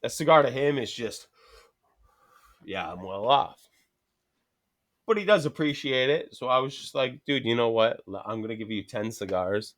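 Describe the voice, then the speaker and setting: Guest: fast-paced man, casual and profane, acts out every voice in his stories. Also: medium pitch, a bit bright. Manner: profane, rambling anecdotes with quoted dialogue. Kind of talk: casual storytelling chat.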